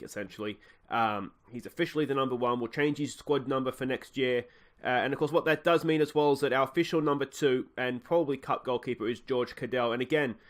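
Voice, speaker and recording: An Australian man hosting a video game let's play, chatting casually and thinking aloud with frequent fillers. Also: a little high.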